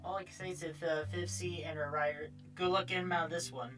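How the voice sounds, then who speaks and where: Soft-spoken hesitant woman, low voice. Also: fairly even intonation, fast, far from the mic, over music. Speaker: guest co-host. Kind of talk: casual chat while drawing.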